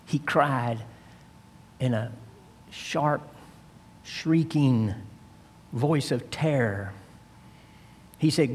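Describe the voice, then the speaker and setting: Slow, husky preacher in a reverberant hall. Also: male voice, mid-range voice. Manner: dramatic storytelling, slow and emphatic. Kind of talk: sermon.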